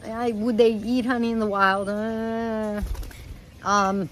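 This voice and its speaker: A middle-aged woman vlogging casually about her parrot, chatty and animated, sometimes talking to the bird. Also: on the high side, takes it slowly, slight background noise, poor audio. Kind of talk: casual storytelling vlog. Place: screened patio outdoors.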